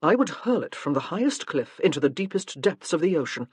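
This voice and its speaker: A woman's voice: deep voice, big pitch swings, fairly quick, slightly rough, no echo, full character voice. A woman voicing a protective young nobleman with a rueful, dryly humorous manner in an audiobook. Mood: wry. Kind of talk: audiobook character reading.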